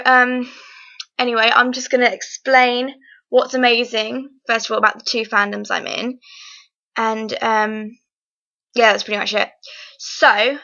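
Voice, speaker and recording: A teenage girl talks casually into her webcam, rambling with many ums and false starts. Her voice is bright and fairly high. The sound is dull and lo-fi. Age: teens. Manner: chatty, rambling, lots of ums and restarts. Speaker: vlogger. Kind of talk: casual vlog chat.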